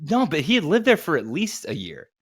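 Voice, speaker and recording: A man's voice: high voice, very animated, brisk. A man in his thirties, a podcast co-host telling casual, profane, rambling anecdotes. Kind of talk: casual storytelling chat.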